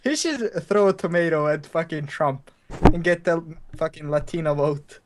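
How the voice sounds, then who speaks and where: Young man, 20s, sarcastic teasing banter, slightly high voice. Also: normal speed, noisy background. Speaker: podcast co-host. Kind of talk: casual chat.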